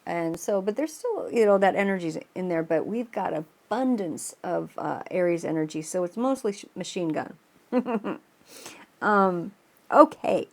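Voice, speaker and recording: A woman's voice: lowish voice, expressive, measured pace. Earnest, rambling woman tarot reader. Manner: rambling, many restarts and fillers, earnest. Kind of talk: casual spoken astrology reading.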